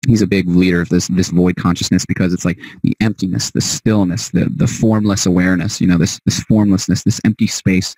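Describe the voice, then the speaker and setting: A man's voice: low-pitched, steady tone, a little fast, few pauses, darkish tone, dry recording, rough recording. A man hosting a solo podcast monologue, heated and emphatic, cursing freely. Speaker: podcast host.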